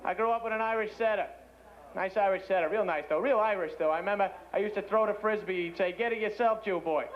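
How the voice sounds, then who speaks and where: A young man doing a stand-up set in a comedy club, rambling and self-mocking in an excitable way. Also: high voice, fast talker, noisy background. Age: young adult. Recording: muffled old TV tape, loud crowd. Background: loud audience laughter.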